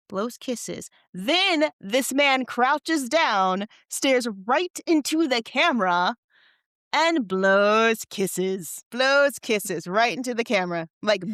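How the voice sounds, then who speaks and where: A woman's voice: a little high, fairly bright tone, no echo, studio quality. A woman co-hosting a podcast, chatting casually and teasing as she recaps a game. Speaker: podcast co-host. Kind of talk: casual chat.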